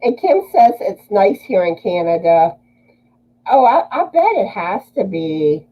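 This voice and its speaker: A woman's voice: mid-range voice, sing-song, a little slow, dark tone, breathy edge, rough recording. A woman from Louisiana hosting a casual livestream, greeting viewers and reading their comments aloud.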